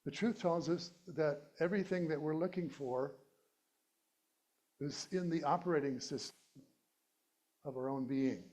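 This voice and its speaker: A man's voice: on the high side, unhurried, long pauses, a little mellow. A middle-aged male minister giving a conversational, playful sermon and laughing at his own jokes. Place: church sanctuary.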